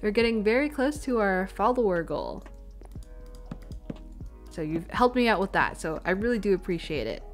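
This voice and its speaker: A woman's voice: medium pitch, sing-song, moderate pace, long pauses, soft background music. A young woman with a Canadian accent, chatting casually on a live stream while she plays, thinking aloud and apologizing as she goes. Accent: Canadian English. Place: home room, stepping away from the mic at times. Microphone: desk microphone.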